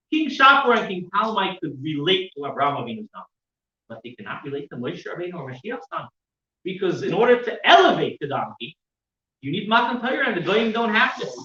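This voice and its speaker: A man's voice: sits high, very animated, brisk, bright, forceful tone. A man teaching a weekly Torah class, telling a story with lots of fillers and restarts. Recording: roomy, dull sound from a distant mic.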